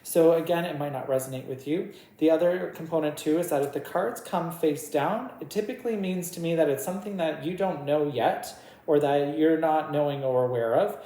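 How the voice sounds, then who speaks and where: A woman's voice: low voice, fairly quick, dark tone. A woman doing a casual tarot reading, chatty and giggly, talking to her cards. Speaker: tarot reader. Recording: echoey room with faint noise.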